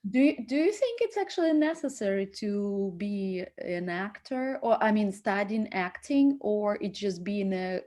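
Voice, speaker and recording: A woman's voice: mid-range voice, expressive, measured pace, hardly any pauses, mellow. Woman host asking interview questions. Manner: repeats words while forming questions.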